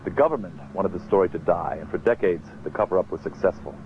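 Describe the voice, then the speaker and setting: Deep-voiced man narrating gravely. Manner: measured, grave. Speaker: documentary narrator. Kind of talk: scripted narration. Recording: dull lo-fi TV audio with faint noise.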